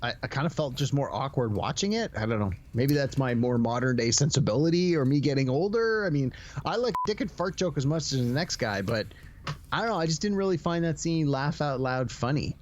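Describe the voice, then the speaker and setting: Hesitant man with a lively voice. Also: mid-range voice, a little fast, a little hiss or hum. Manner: hesitant, stammering restarts, skeptical. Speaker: podcast co-host. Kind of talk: casual movie review chat. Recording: dull lo-fi sound.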